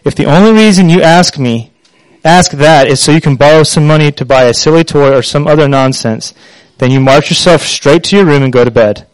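A man's voice: a little high, a little fast, smooth, no echo, natural voice, poor audio. Grumpy worn out dad snapping at his kid, dry close sound, man reading it. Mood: scolding. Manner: curt, scolding. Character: tired irritated working father, stern.

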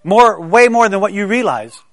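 A man's voice: high voice, animated, normal speed, a bit bright, dry recording. A middle-aged man from South Carolina preaching a sermon, with conversational storytelling and stammering restarts.

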